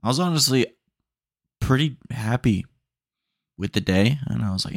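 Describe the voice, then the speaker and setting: A man's voice: mid-range voice, expressive, moderate pace, gravelly, long pauses, no room sound, clean studio sound. A young man hosting a casual solo podcast, telling rambling stream-of-consciousness stories and often saying dude. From Texas. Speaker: podcast host.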